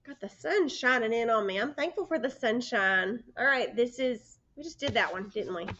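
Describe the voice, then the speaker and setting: Woman, first grade teacher; slow, patient phonics delivery, slightly higher voice, dull lo-fi recording. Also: expressive, bright, forceful tone. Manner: slow, patient, sounds out letters and prompts the children. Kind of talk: phonics lesson for young children. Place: indoors by a sunny window.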